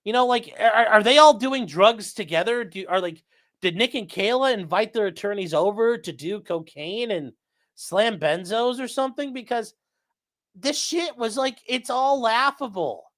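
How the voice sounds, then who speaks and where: Animated, sarcastic man hosting a livestream. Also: high-pitched, normal speed. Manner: sarcastic and blunt, swears freely; reads viewer messages aloud, with asides. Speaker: livestream host reading chat. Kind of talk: casual live commentary.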